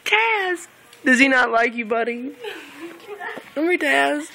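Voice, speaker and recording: A woman's voice: high-pitched, lively intonation, slow, bright, forceful tone. A woman filming on a handheld camera at home, giggling through her words and cooing at her cats. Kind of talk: casual home video chat. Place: home room indoors. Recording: home video with clear background noise.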